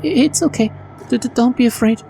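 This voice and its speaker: A woman's voice: fairly high pitch, brisk, gravelly, dark tone, a little hiss or hum, pitched above the performer's own voice. A woman voicing a bratty teenage girl assistant who stutters constantly and mocks people. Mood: teasing. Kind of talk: reading game dialogue aloud.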